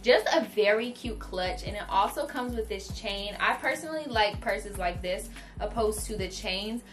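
Speaking at a moderate pace in an expressive, medium-pitched voice, a young woman shows off a clothing haul, bubbly and addressing viewers directly. Music sits under her voice, which is a bit far from the mic.

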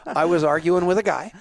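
A man's voice: sits high, gravelly, dry recording. A man hosting a talk show, joking, laughing often and telling stories in casual banter. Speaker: show host.

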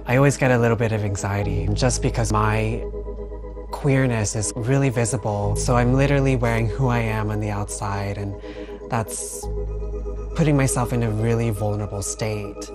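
A person speaking in an interview in a measured, reflective way. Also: mid-range voice, steady tone. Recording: music bed underneath.

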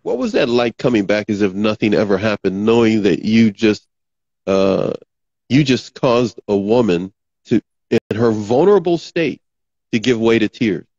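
A man's voice: lowish voice, expressive, normal speed, darkish tone, no room sound, dull audio. A man hosting an interview podcast, probing his guest and summing up what he hears. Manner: probing, restates and sums up the guest's words. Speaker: podcast host. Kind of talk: interview conversation.

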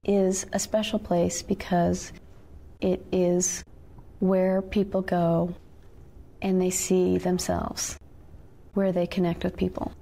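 A woman's voice: lowish voice, level tone, slow pace, vocal fry, long pauses, mellow. A woman cartoonist in a documentary interview, speaking earnestly about readers and the comics page.

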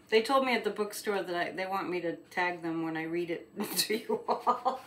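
With a fairly low, somewhat bright voice, a woman from Gloucester, Massachusetts, USA reads a picture book for her video audience at a moderate pace with hardly any pauses, over slight background noise. Chatty and giggly, she comments casually on the illustrations and draws out words while holding up the pictures.

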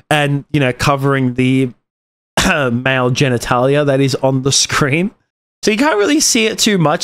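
A man's voice: a little high, fairly bright tone. A young man giving rambling, profane commentary on his YouTube channel, stumbling and restarting his sentences often. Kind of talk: casual commentary vlog.

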